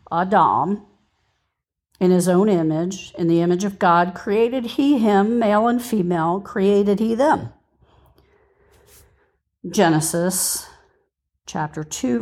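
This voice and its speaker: A woman's voice: mid-range voice, a little mellow. A woman hosting a podcast and teaching scripture in an earnest way, reading verses aloud and stopping to give reference numbers.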